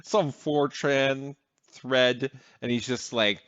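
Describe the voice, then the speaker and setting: A man's voice: mid-range voice, fairly even intonation, takes it slowly, a bit bright, clean tone, no room sound. A man hosting a casual reaction video, talking in blunt, exasperated asides recorded on a dull, lo-fi home mic.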